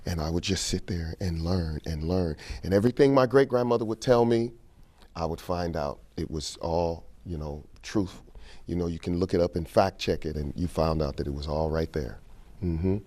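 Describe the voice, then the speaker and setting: Deep-voiced man telling stories. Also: moderate pace, a little mellow. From St. Louis, Missouri. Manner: storytelling, repeats phrases for emphasis. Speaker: keynote speaker and King speech performer. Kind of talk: interview conversation.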